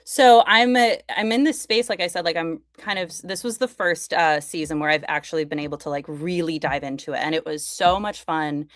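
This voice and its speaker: Low-voiced chatty woman, podcast guest. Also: brisk, few pauses, no echo, studio quality. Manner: enthusiastic, chatty, many fillers. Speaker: podcast guest, fashion content creator. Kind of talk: casual conversation.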